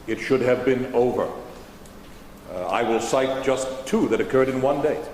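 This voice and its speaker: A stately, formal George Washington, as a re-enactor plays him, speaking in old-fashioned phrasing at an even middle pitch. The voice rings through a large auditorium with a long tail of reverb and a faint hum underneath. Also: male voice, moderate pace, natural voice. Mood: measured. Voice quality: formal eighteenth-century diction. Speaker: historical re-enactor. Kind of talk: in-character stage Q&A. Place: high school auditorium stage.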